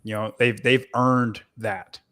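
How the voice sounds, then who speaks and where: A man speaking as a podcast guest in an earnest, deliberate way during a casual discussion. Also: medium pitch, fairly even intonation, fairly bright tone.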